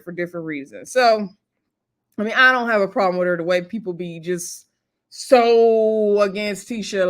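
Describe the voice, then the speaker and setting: A woman's voice: mid-range voice, a bit bright. A woman casually recapping a reality TV episode, chatty and laughing often, acting out cast members' lines. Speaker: TV show reviewer.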